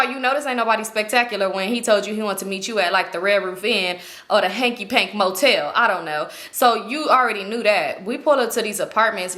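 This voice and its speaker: A woman's voice: a little high, pushed and bright. A young woman vlogger telling a story in casual slang, swearing freely and acting out what others said. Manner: slangy, profane, acts out quoted lines.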